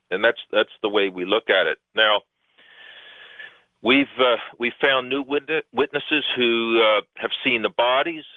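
A man's voice: medium pitch, no room sound. Man on a tinny phone line. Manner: rambling, emphatic, many fillers. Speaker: guest researcher. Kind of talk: phone-in radio interview.

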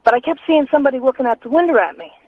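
A woman's voice: high-pitched, big pitch swings, rapid-fire. A woman from North Carolina calling into a radio show and telling a ghost story in a chatty way. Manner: chatty storyteller, laughs easily. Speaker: caller. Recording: phone line.

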